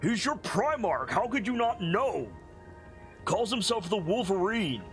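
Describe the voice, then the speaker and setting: A man voicing a gruff, boisterous, drunk Goliath clansman in a tabletop game. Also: high voice, big pitch swings, a little slow, soft background music, pitched above the performer's own voice. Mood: blustering. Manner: loud, blustering, brash.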